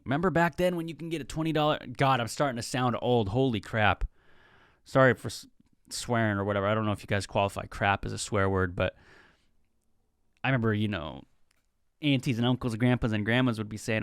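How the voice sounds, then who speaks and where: A man's voice: on the low side, fairly quick, clean tone, no echo, clean studio sound. A young man in his twenties hosting a solo podcast, talking casually in a rambling, chatty way and acting out bits of quoted talk. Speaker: podcast host.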